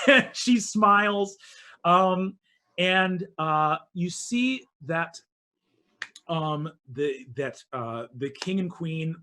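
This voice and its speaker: A man acting as dungeon master, narrating a family tabletop game in an animated storyteller's manner. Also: a little high. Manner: animated storyteller, voices characters.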